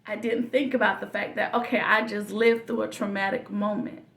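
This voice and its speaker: A woman hosting a podcast, telling a personal story in a slow, reflective way with soft whispered asides. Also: mid-range voice, level tone, gravelly, recorded from a distance. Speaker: podcast host. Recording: echoey room, voice a bit off-mic.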